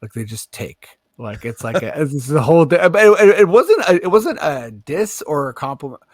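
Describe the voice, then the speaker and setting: A man's voice: a little high, very animated, normal speed, no room sound, clean studio sound. A man co-hosting a podcast, chatty and teasing in casual talk full of fillers. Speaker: podcast co-host. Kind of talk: casual chat.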